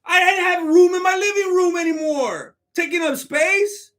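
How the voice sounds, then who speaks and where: A man putting on a mocking impression of a champion fighter who claims he never cared about his title, loud and exaggerated. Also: extremely high pitch, normal speed, pitched above the performer's own voice. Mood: mock-dismissive. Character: boastful male champion fighter acting nonchalant. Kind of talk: comic impression on a live stream.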